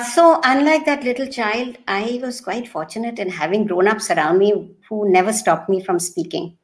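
A woman with an Indian accent giving an animated storytelling talk, slipping into Hindi now and then and acting out voices. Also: on the high side. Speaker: storyteller and educator.

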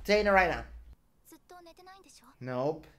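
A woman giving casual reaction commentary on an anime, excitable, swearing and repeating words in bursts. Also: low voice, slow pace, faint music behind.

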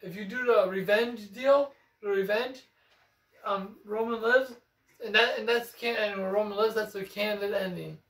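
A man's voice: high-pitched, normal speed, a bit bright. A young man chatting casually about video games as a co-host, rambling and self-assured. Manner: rambling, self-assured, claims insider knowledge. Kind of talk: casual gaming chat. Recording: echoey room.

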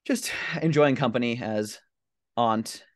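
A man, a player in a tabletop role-playing game, narrating a scene in a halting way full of fillers and restarts. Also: mid-range voice, no room sound, clean studio sound.

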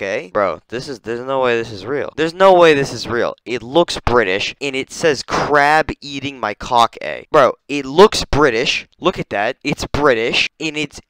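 Young male streamer, casual reaction commentary from his bedroom, smooth voice, excitable and sweary. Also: medium pitch, no echo. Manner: excitable, swears, swings between mumbling and loud disbelief. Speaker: streamer ranking animals.

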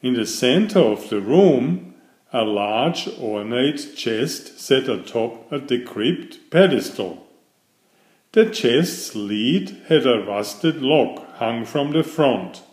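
A man reading a fairytale aloud in slow, expressive, scripted storybook narration. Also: medium pitch. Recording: echoey room.

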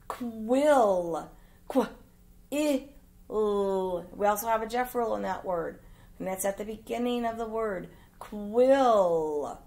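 A woman's voice: fairly high pitch, gravelly, a little mellow. A woman teacher with an American Midwest accent giving a phonics lesson to young children, patiently spelling words out letter by letter.

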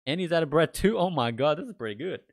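A man giving casual, excitable reaction commentary as a video host, swearing freely and laughing often. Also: on the high side, fast, creaky, a little hiss or hum.

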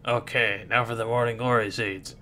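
A man reading a comic book aloud, narrating in his own voice and switching into lively character voices. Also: moderate pace, slight background noise. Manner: lively, jumps between squeaky and gruff voices. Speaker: reader doing all the voices.

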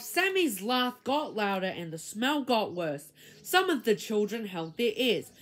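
A woman reading a children's book aloud, chapter by chapter, with expressive, dramatic storytelling. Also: on the high side. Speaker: reader.

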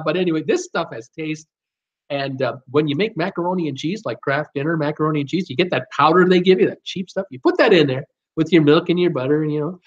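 A middle-aged man from Canada hosting a casual live show, joking around and reading out viewer comments. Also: on the high side. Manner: chatty, jokey, reads out viewer comments. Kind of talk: casual live-stream chat. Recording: dull lo-fi stream audio.

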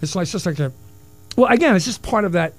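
Middle-aged guy doing radio talk, rambly jokey host, kinda high voice, dry close studio mic. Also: animated, fast, no room sound. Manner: rambling, wisecracking, self-mocking. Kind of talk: solo radio talk, taking calls. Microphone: studio broadcast mic.

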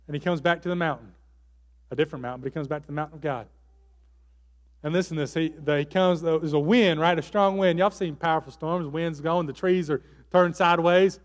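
A male pastor preaches in an easy, conversational way, turning often to the congregation with rhetorical questions. His voice sits fairly high for a man. A long reverb trails each phrase, as if he were in a large hall. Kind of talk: sermon.

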